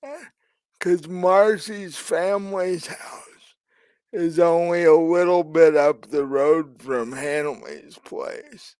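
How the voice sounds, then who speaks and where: Game master guy narrating, really slow, lots of ums, dry room. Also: fairly high pitch, steady tone, a little mellow, smooth, dry recording. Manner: hesitant, many ums and restarts.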